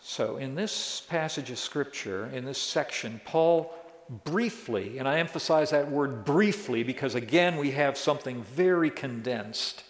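A man preaching, praying and reading scripture to a congregation with deliberate emphasis. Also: mid-range voice. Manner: slow, deliberate, emphatic delivery. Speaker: pastor teaching a Bible study series. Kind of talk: sermon with prayer and scripture reading. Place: large church sanctuary. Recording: echoey hall, voice from a distance.

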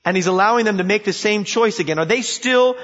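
A pastor preaches a sermon in a high, slightly bright voice, talking fast as he tells a story with emphasis and puts questions to his listeners. The sound is dull, recorded in a reverberant hall.

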